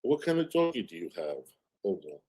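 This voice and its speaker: A man's voice: on the low side, big pitch swings, fairly quick, mellow, breathy edge. A man hosting a livestream who argues sarcastically and thanks viewers for donations in a sugary tone. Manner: sarcastic, combative, switching to sugary thanks for donors. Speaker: streamer host. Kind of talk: heated livestream argument.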